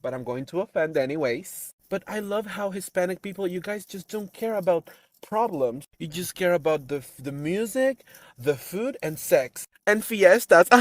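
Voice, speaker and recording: A man's voice: sits high, normal speed, no room sound. A man telling a casual story in a short social media clip, mocking the people he quotes. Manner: lively, mocking quoted voices.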